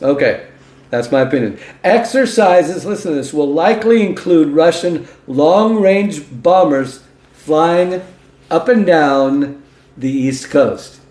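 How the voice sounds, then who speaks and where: A man's voice: fairly high pitch, expressive, slow, a little mellow. A male host giving a political commentary monologue in a folksy, emphatic way, reading news aloud and breaking in with his own remarks. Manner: folksy and emphatic, interjecting "okay?" and "listen to this". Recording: roomy echo.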